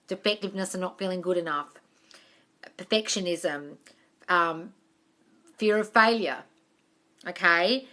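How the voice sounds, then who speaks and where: A woman hosting a casual live-stream Q&A on manifesting, reading out viewer comments and answering them warmly, calling people darling. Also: medium pitch. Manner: repetitive, affectionate, calls viewers darling.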